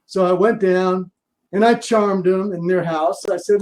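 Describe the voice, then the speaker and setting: A man's voice: sits high, a little slow. A man guest in an interview, telling stories and acting out the voices of the people in them. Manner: lively anecdotes that act out quoted voices. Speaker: guest, sports agent. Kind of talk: interview storytelling.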